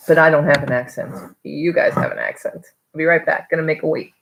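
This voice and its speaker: A woman's voice: low-pitched, animated, creaky, fairly bright tone, a little hiss or hum, rough recording. Chatty New York woman live-streaming. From New York area. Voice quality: chatty, rambling, quick to laugh. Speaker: online reseller vlogger. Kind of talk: casual live-stream chat.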